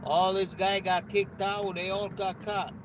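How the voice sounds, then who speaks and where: A man in casual chat, gossiping in a plain, halting way with many restarts. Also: high voice, flat delivery, noisy background.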